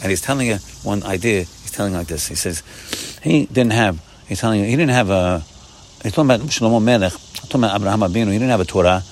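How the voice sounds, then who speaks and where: Man giving an animated morning Torah talk. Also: lowish voice, fast, slight background noise. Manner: warm repetitive exhortation, often saying "my friends"; animated, rising bursts of emphasis. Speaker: Torah teacher.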